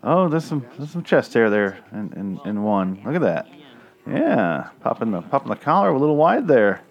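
A man's voice: medium pitch, big pitch swings, normal speed, highs cut off. A man giving rambling, crude, sarcastic commentary while watching a movie. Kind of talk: casual profane movie commentary. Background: movie audio playing.

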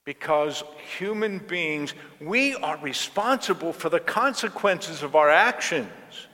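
A male pastor preaching a sermon in a church, telling stories in a slow, storytelling way. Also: a little high, lively intonation, pushed and bright. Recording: long reverb of a church hall.

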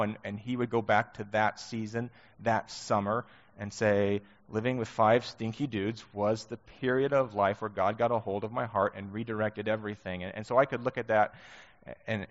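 A man preaching a sermon in a relaxed, conversational way, with many rhetorical questions. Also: on the low side. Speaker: pastor. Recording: muffled sound with long hall reverb.

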